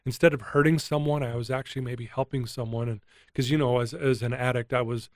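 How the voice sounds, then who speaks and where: A man's voice: medium pitch, brisk, no room sound, studio quality. A middle-aged man, a recovery coach, telling a personal story in an interview, earnest and emotional. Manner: earnest, emotional, animated retelling. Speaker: guest, addiction recovery coach.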